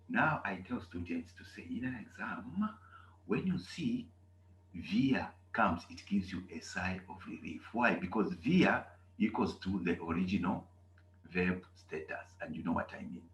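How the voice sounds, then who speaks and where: A man teaching a German language class, explaining slowly with drawn-out, repeated examples. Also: on the low side, very animated, a bit bright, echoey room, muffled recording, slight background noise. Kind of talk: classroom lesson.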